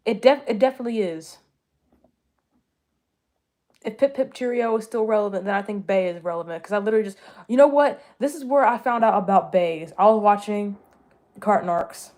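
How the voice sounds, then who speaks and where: With a medium-pitched, somewhat dark voice, a young woman from the US answers viewers in a loose, casual chat. She wanders off on tangents, corrects herself, and keeps the jokes and laughs coming.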